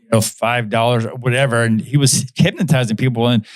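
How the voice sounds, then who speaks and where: A man's voice: medium pitch, steady tone, a little fast, no room sound. A man, a magician guest in a casual podcast chat, talking hesitantly with many fillers and restarts.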